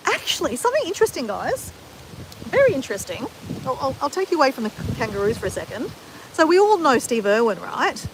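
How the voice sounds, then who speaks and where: A woman's voice: fairly high pitch, very animated, a little fast, slight background noise. An Australian woman chatting casually with her live-stream viewers in a rambling, self-deprecating way.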